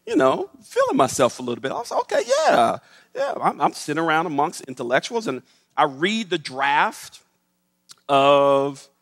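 A middle-aged man, a professor, telling a story to an audience in an animated way and acting out the voices. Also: on the high side, moderate pace. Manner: animated, acts out the voices in his stories. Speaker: professor giving a talk. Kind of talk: storytelling public talk. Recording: long hall reverb.

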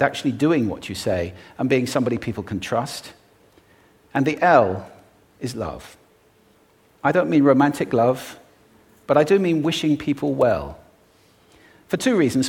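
A man giving a talk on stage to a live audience, playful and expressive, demonstrating vocal techniques as he speaks. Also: medium pitch.

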